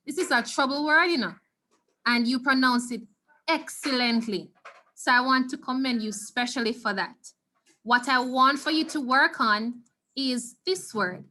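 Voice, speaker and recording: Bright-voiced Jamaican woman teaching online. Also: a little high, a little hiss or hum. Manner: encouraging, repeats key words slowly. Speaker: Spanish teacher. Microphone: video call.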